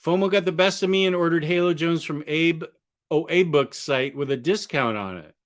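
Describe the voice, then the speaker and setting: A man's voice: on the high side, moderate pace. A man chatting casually on a livestream from his apartment, rambling and answering viewers' questions as he goes. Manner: rambling, restarts often, answers chat questions. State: has the hiccups. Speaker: comic book collector streamer. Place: apartment room among bookshelves.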